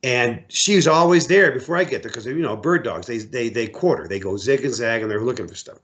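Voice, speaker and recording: A middle-aged American man, an outfitter and hunting guide, telling stories in a casual interview, animated and repeating words as he acts out voices. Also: medium pitch, a little fast, lo-fi sound.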